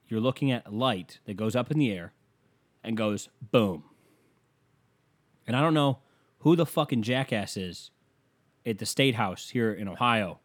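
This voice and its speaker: A man doing a rambling, profane stand-up rant, talking casually and losing his thread at times. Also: fairly low pitch. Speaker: comedian.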